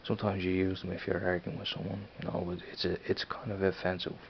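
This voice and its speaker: A man's voice: low voice, level tone, fast, vocal fry, dull audio, a little hiss or hum. A young man with a Dublin accent chatting casually in a vlog, rambling and repeating himself, often tagging on "you know what I mean". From Ireland. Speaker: vlogger.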